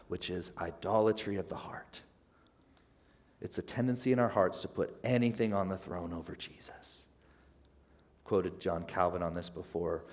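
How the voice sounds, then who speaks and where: A young man preaching a sermon in a casual, conversational way, rising with emphasis and dropping to a hush at key points. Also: sits low. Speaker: pastor.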